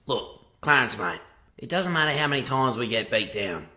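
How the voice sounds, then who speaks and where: A man, swearing constantly and shouting encouragement at a friend. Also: mid-range voice, very animated, normal speed. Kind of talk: panicked banter amid chaos. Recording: loud background noise.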